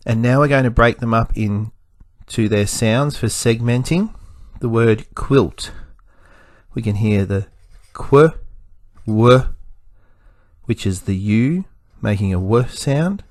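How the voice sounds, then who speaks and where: A male teacher gives a recorded spelling lesson, slowly sounding out letters and syllables. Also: medium pitch, no room sound.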